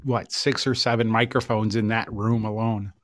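A man's voice: fairly low pitch, normal speed, no room sound. Chuckling podcast co-host man, dry sound. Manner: relaxed, chuckling, teasing. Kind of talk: casual live podcast chat.

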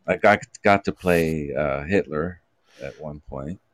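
A middle-aged man chatting casually on a podcast, telling a rambling, animated story. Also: extremely low pitch, takes it slowly, dry recording. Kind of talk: casual chat.

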